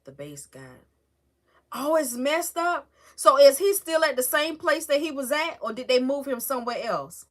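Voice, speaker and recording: A woman's voice: high-pitched, normal speed, few pauses. A woman hosting a casual livestream, chatting with viewers, greeting them by name and talking with feeling. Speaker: livestream host. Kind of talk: casual live-stream chat with viewers.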